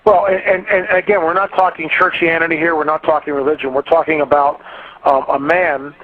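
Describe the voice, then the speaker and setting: A man's voice: fairly high pitch, flat delivery, fairly quick. Fervent man on a tinny line. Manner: fervent storytelling, repeats words when building up. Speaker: guest. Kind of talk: radio interview. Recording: tinny phone-like radio line.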